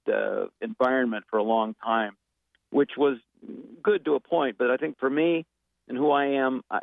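In a casual interview, a guest actor and impressionist rambles thoughtfully, full of fillers and restarts. His medium-pitched voice has vocal fry, and the narrow, tinny audio has no room sound.

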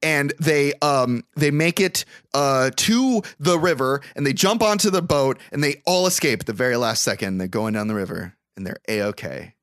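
A man's voice: mid-range voice, normal speed, few pauses, no echo, studio quality. A man hosting a podcast, swearing freely as he animatedly recaps a movie plot. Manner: profane, animated storytelling. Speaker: podcast host.

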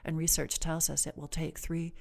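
A woman clinician, a guest on the podcast, explaining stress and sleep in a measured, reassuring, gently instructive way. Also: deep voice, little pitch movement, gravelly. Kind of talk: calm explanatory interview talk.

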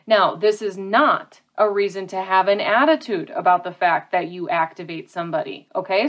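A woman speaking earnestly and directly about handling conflict. She talks casually to her listeners and repeats key phrases for emphasis. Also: medium pitch. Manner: casual, addresses listeners as "y'all" and "you guys". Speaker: self-help speaker. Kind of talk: motivational talk to an audience.

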